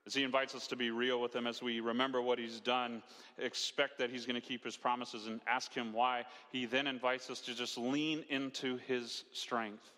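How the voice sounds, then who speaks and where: With a flat but forceful delivery, this pastor's bright, medium-pitched voice moves at an ordinary speed through a conversational sermon. He asks rhetorical questions and performs quotations, all echoing in a long hall reverb.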